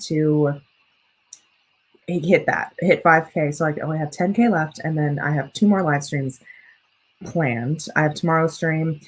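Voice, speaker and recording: An American young woman, a student writer, hosts a casual livestream, chatting with viewers and reading their comments as she rambles and corrects herself. Her voice sits low with a breathy edge, and the recording quality is low.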